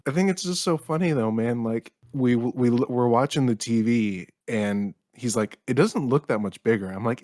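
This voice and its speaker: A man's voice: mid-range voice, moderate pace, few pauses, darkish tone, dry recording, studio quality. A young man hosting a crude comedic podcast, joking irreverently and swearing freely. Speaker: podcast host.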